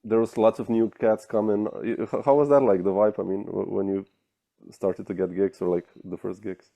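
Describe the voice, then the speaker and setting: Low, dark-voiced man asking halting questions. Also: fairly even intonation, creaky, highs cut off. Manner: halting, with restarts and fillers. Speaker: interview host. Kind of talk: interview questions.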